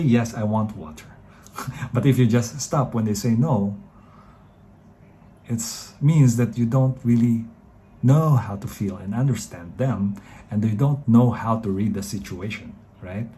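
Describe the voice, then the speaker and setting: Low, mellow-voiced man giving dating advice. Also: a little hiss or hum. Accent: Filipino English. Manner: chatty, rambling, addresses viewers as guys. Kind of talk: casual advice talk to camera.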